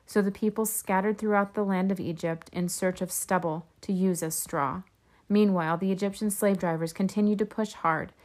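A woman reading scripture aloud in a steady, measured way. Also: medium pitch. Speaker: scripture reader.

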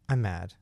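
A man's voice: no room sound, clean studio sound. A man co-hosting a casual chat show, telling crude, gossipy stories and acting out the people in them. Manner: gossipy, crude, acts out voices in anecdotes. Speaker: podcast co-host.

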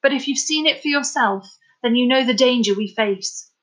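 A woman voicing a blustering older male bookseller who shouts urgent warnings in an audiobook. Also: fairly high pitch, normal speed, close to an everyday voice. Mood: grave.

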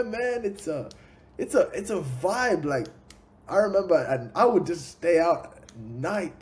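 A man with an Australian accent, a rapper chatting casually as a podcast guest and acting out his stories with lots of energy. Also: high-pitched. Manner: animated storyteller, acts out what people said.

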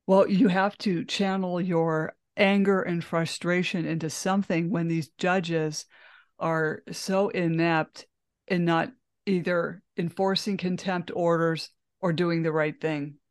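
A podcast host speaks at a middling pitch, often agreeing with the guest and filling gaps with quick "mm-hmm"s. The sound is close and dry, with no room echo. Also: fairly even intonation, clean tone. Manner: agreeing, frequent backchannel "mm-hmm". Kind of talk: conversational interview.

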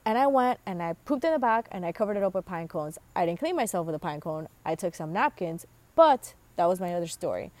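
Casual solo vlog host: a young woman with a lowish voice, crude and rambling, heavy on fillers. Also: animated, fairly quick, few pauses, a little mellow. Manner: rambling and profane, with lots of fillers. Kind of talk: casual storytelling monologue.

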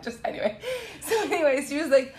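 A woman in her late thirties, a guest on a casual podcast, telling animated stories and laughing often. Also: sits high, fast. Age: 30s. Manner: animated storyteller, laughs a lot. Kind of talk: casual chat.

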